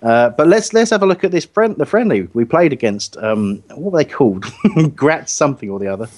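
A man's voice: medium pitch, animated, brisk, a little mellow. A man hosting a casual football chat, rambling and laughing often. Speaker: podcast host.

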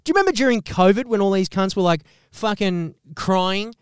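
High-voiced ranting Australian man. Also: fast, clear, resonant tone, dry recording, studio quality. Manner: animated, swearing heavily. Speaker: podcast host. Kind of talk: profane comedic rant.

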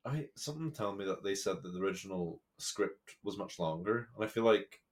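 A man's voice: low-pitched, expressive, fairly quick. A man co-hosting a casual chat podcast, speaking in an easygoing, hesitant way full of fillers. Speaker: podcast co-host.

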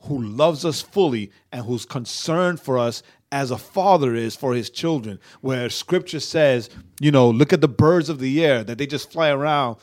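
A man's voice: mid-range voice, normal speed, hardly any pauses, a little mellow. A young man co-hosting a casual faith podcast, rambling, stammering into restarts and tagging his sentences with "right?". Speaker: podcast co-host.

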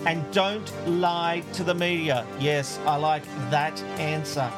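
A man's voice: a little high, slow, over music. A man hosting a talk show, breezily reading listener messages aloud and laughing often. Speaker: radio talk show host.

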